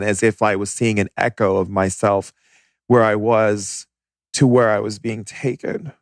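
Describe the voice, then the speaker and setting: Low gravelly guy telling an intense personal story on a podcast, dry close sound. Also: level tone, a little slow, no echo. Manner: intense, vivid, emotional storytelling. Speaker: shaman, podcast guest.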